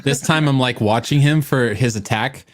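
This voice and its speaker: A man's voice: mid-range voice, moderate pace. A man playing a tabletop game, playfully describing what his character does. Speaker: player. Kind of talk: casual play chat.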